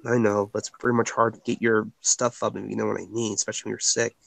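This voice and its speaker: Sick, coughing gravelly man. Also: fairly low pitch, flat delivery, fast, fairly bright tone, no room sound. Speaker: stream guest. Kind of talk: casual chat.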